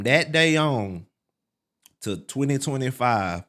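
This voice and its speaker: A middle-aged man, a podcast guest, telling his life story in a casual, animated way, full of fillers like "man" and "like". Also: normal speed. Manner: relives quotes with sharp pitch leaps.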